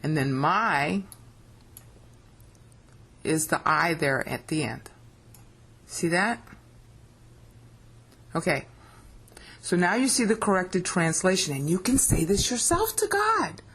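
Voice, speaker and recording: A woman's voice: lowish voice, very animated, takes it slowly, long pauses, fairly bright tone, husky. A woman giving a screen-share scripture lesson, explaining step by step with emphasis and often checking that the listener follows. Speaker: Bible teacher.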